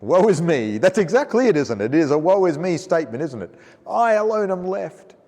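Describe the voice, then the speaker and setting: Male pastor, Australian accent, chatty sermon, lively pitch, reverberant church hall. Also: fast. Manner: conversational, asks the congregation questions; chuckles while reading scripture aloud. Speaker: preacher.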